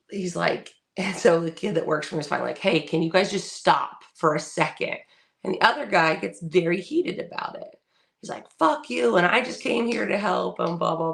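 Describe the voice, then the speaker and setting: A woman's voice: on the low side, gravelly. A woman co-hosting a casual podcast chat, telling a story bluntly, swearing freely and acting out what people said. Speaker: podcast co-host.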